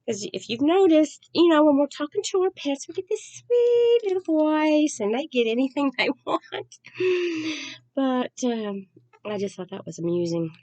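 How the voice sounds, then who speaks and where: A woman's voice: high voice, expressive, normal speed, no echo. Chatty woman, dry close sound. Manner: rambling, chatty, soft-spoken. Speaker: crafting vlogger. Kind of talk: casual chat.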